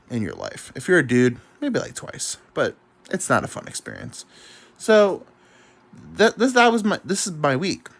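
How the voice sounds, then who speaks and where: A young man hosting a podcast, telling rambling, self-mocking stories in casual chat, full of swearing and mumbled asides. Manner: swoops in pitch, drops to mumbles. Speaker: podcast host. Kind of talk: casual comedic storytelling.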